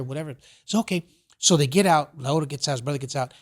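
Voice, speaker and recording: A man's voice: on the high side, fast talker. A man hosting a podcast, telling long rambling stories in casual chat and filling them with "you know" and "whatever". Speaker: podcast host.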